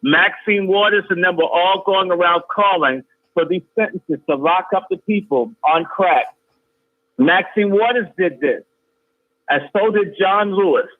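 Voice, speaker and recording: Brief: male guest, fairly high voice, insistent and repetitive, heard over a thin phone line. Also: measured pace. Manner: emphatic, repeats phrases forcefully. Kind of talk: heated call-in talk. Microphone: phone call.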